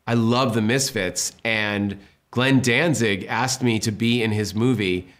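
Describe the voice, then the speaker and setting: A film director in his fifties from Massachusetts tells stories in a casual interview, animatedly acting out what people said. His voice is lowish and his pace a little slow.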